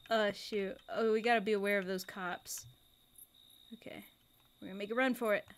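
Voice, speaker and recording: A woman's voice: mid-range voice, moderate pace. Giggly woman streamer talking to herself. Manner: giggly, self-talking, flustered. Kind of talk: let's play commentary.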